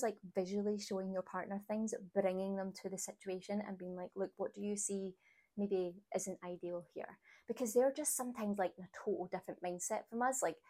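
A woman in her thirties talks alone into the mic for her podcast. Her voice sits in a middle pitch, and her delivery is chatty and encouraging. She laughs easily between thoughts. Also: mellow. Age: 30s. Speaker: podcast host. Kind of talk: solo podcast chat.

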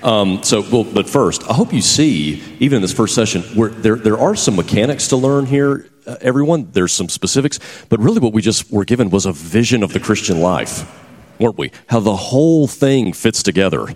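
A man's voice: lowish voice, expressive, moderate pace, darkish tone. A man giving casual announcements at a church event, hesitant and full of fillers. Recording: reverberant hall.

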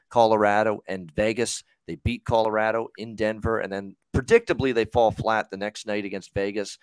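A man's voice: lowish voice, dry recording. A man hosting a hockey betting show, talking casually with lots of fillers and the odd swear word. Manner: rambling, profane, filler-heavy.

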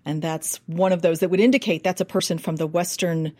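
Lower-pitched American woman explaining accents. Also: brisk, dry recording. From United States. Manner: animated, explanatory, demonstrates speech sounds. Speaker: accent and dialect coach. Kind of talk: interview guest explaining.

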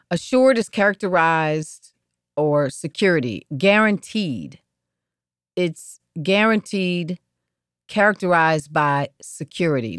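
A woman hosting an inspirational podcast, speaking slowly and repeating words for emphasis. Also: low-pitched, dry recording, clean studio sound. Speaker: podcast host.

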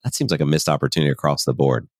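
A man's voice: rumbling low, very fast, no room sound, studio quality. A man co-hosting a podcast in casual chat, rambling and agreeable, often correcting himself mid-phrase. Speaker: podcast co-host.

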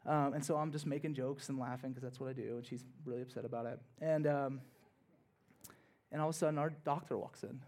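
A male pastor preaching in church, telling a personal story in a conversational way that swings from hushed to loud and emphatic. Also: medium pitch, fairly even intonation, fairly quick. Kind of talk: sermon told as a personal story.

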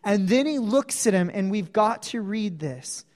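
A male preacher giving a sermon, telling a story earnestly with dramatic pauses. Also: sits high, expressive, darkish tone. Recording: long hall reverb.

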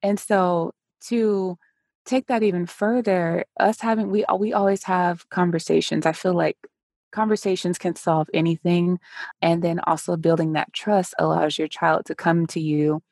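A woman's voice: fairly low pitch, steady tone, normal speed, a little mellow, dry recording, clean studio sound. A woman hosting a casual interview over a call, talking animatedly and acting out quoted dialogue. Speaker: podcast host. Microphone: remote call recording.

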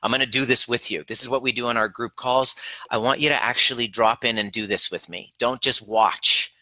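Emphatic male relationship coach, bright tone. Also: mid-range voice, fairly even intonation, a little fast, no echo, poor audio. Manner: earnest, emphatic, retells sessions with quoted dialogue. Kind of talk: coaching talk to camera.

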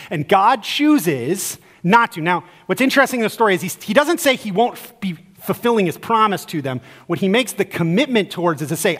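Guy pastor w a high voice giving a chatty animated sermon, long echo like a big church hall. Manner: animated, conversational preaching that drops low and slow for scripture.

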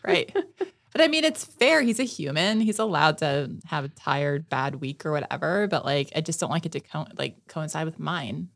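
Low-voiced woman chatting animatedly. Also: moderate pace, vocal fry. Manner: animated storyteller, swears casually, acts out quoted exchanges. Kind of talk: casual chat.

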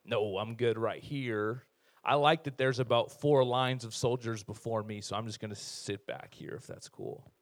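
A male pastor voicing a reluctant soldier who wants to stay back from the fight, his voice dropped low and quiet. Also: steady tone, normal speed, close to an everyday voice. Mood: sheepish.

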